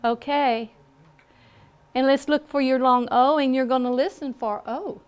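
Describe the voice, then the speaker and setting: A woman's voice: high-pitched, steady tone, smooth. A woman with a Southern American accent, teaching a phonics class in a classroom and checking in with a patient "okay?". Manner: slow, patient, with frequent "okay?" check-ins. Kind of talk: classroom lesson.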